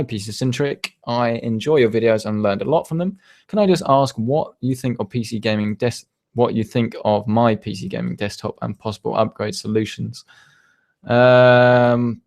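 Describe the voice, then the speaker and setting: A man's voice: mid-range voice, a little mellow. A young man hosting a tech channel's live Q&A, chatting casually and rambling with many fillers and restarts. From United Kingdom. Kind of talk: live stream Q&A.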